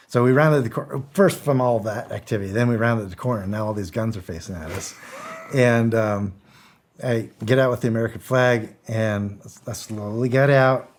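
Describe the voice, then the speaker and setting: A man's voice: fairly low pitch, a little mellow. Middle-aged man, casual interview guest, blunt storyteller, acts out quotes, swears freely. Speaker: guest, former security contractor.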